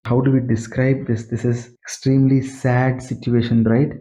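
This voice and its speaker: A man's voice: medium pitch, flat delivery, moderate pace, warm tone, low-quality recording. A man retelling an epic story in an earnest, plain-spoken way, repeating phrases for emphasis. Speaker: scripture storyteller.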